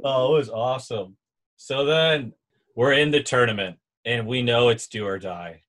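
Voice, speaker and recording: A man's voice: medium pitch, normal speed, a little hiss or hum. A young man, a former volleyball player, telling a sports story in casual chat and acting out what others said. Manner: animated storyteller, acts out quotes.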